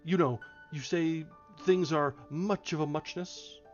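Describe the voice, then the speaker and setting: A man voicing a sleepy little male dormouse with a hoarse, feeble voice, drawn out slowly in a storybook reading. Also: a little high, steady tone, muffled recording, soft background music, natural voice. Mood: drowsy. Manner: slow, drowsy, easily offended.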